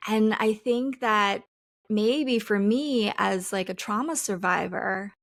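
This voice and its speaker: A woman talking casually on a podcast, loose and chatty, full of fillers and easy laughter. Her voice sits at an ordinary middle pitch. The sound is dry and close, with no room around it. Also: unhurried, dry recording. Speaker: podcast co-host. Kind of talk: casual chat.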